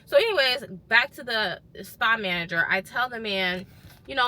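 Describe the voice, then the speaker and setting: A woman vlogger telling a personal story in a casual, animated way and quoting what others said. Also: fairly high pitch, normal speed, a little hiss or hum. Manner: animated retelling, quotes others' words. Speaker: lifestyle vlogger.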